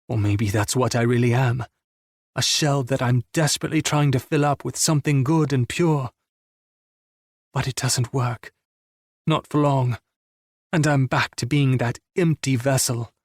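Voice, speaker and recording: A man narrating a romance audiobook in the first person, with a subdued, intimate reading and a husky voice. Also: mid-range voice, dry recording, clean studio sound.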